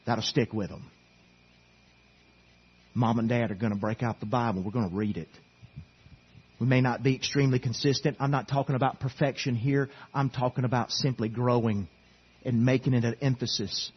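A man's voice: mid-range voice, steady tone, moderate pace, long pauses, breathy edge, muffled recording. A middle-aged man preaching a sermon to his church as their pastor, earnest and pleading, urging them again and again. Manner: earnest, pleading, repetitive exhortation. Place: church sanctuary.

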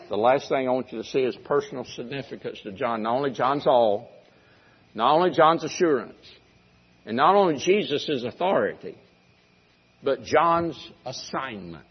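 An older male pastor delivers a sermon in a husky voice, pressing his points by repeating them. The recording sounds dull and muffled, as if taped in the church room. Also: mid-range voice, lively intonation, normal speed. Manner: preaching with emphatic repeated phrases.

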